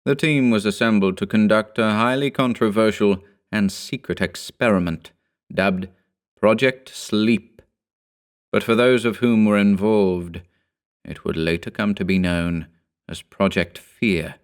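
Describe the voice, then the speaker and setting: A man giving measured, somber first-person scripted narration of a horror story. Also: on the low side.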